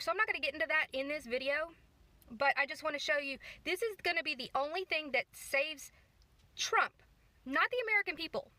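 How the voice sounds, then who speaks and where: Bright-voiced woman ranting to camera. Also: high-pitched, no echo. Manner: indignant, rambling, self-correcting. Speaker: political vlogger. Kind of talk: casual talk to camera.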